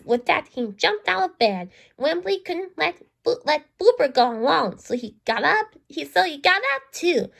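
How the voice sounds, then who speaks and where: A woman reads a children's storybook aloud in a high, lively voice. She trips and restarts often, repeating words as she goes, with a gravelly catch in her tone. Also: normal speed, hardly any pauses. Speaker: storybook reader. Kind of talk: reading a children's book aloud.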